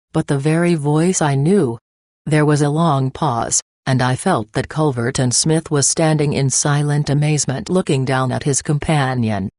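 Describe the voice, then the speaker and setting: A woman narrating a classic story in a measured storytelling manner. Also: low-pitched, a little mellow, no echo, studio quality. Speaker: audiobook narrator. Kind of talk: scripted narration.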